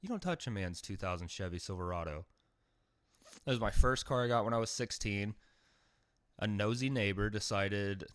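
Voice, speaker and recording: A podcast host delivers a comedic monologue in a lowish, dry voice, telling his story deadpan before suddenly bursting out loudly. He speaks at a moderate pace with frequent pauses. The sound is close and dead, with no room echo.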